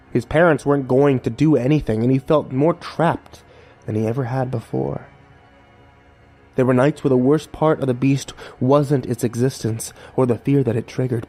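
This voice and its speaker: A man reading a horror story aloud in a measured, dramatic narration. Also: mid-range voice, gravelly, mellow. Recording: faint music underneath.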